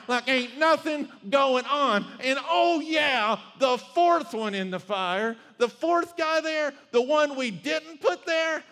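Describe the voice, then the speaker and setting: A man's voice: on the high side, fairly bright tone, long reverb tail. A man voicing a hot-tempered ancient king who barks orders in a sermon retelling. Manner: commanding, barking orders. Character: furious tyrant king, male, hot-tempered.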